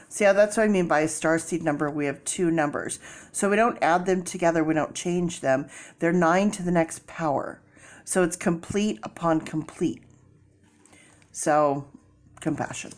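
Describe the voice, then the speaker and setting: Lowish voiced lady doing a tarot reading, rambly and chatty, lots of ums. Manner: chatty, rambling, many fillers and restarts. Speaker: tarot reader.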